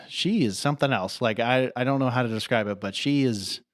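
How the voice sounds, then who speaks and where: With a medium-pitched voice at a moderate pace, a man co-hosts a podcast in clean studio sound free of room sound. His casual chat is rambling, and he leans heavily on "I mean" and "like."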